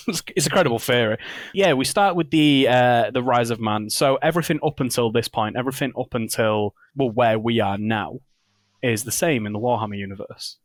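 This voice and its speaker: Laughing, rambling podcast co-host. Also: male voice, mid-range voice, lively intonation, normal speed, dry recording. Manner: jokey, laughs often, rambling asides. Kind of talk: casual chat.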